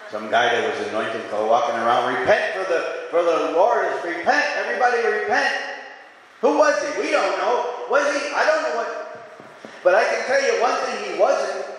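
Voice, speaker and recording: A male pastor preaching to his congregation. His voice sits a touch high and swings from loud, fervent calls down to hushed, low musing. It rings out with a long echo around a large hall, over faint room noise. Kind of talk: sermon.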